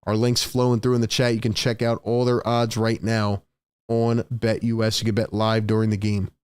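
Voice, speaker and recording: A man's voice: lowish voice, flat delivery, darkish tone, clean tone, dry recording. A young man hosting a live stream, calling the action play by play and reading the chat aloud between plays. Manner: reads chat aloud, rapid play calls, rises on big plays. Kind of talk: casual live play-by-play commentary.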